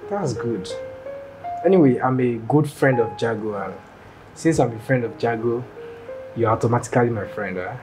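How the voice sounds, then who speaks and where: Guy doing a flirty dude, coaxing, stumbling over words, guitar music loud behind. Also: medium pitch, lively intonation, moderate pace, pauses often, close to an everyday voice, rough recording. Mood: flirting. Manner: smooth, coaxing, hesitant.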